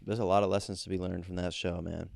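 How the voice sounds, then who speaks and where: Gravelly-voiced man joking on a podcast. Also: sits low, little pitch movement, fast, darkish tone, no echo, studio quality. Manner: sarcastic, joking, swearing freely. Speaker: podcast co-host. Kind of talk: casual comedic chat. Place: New York.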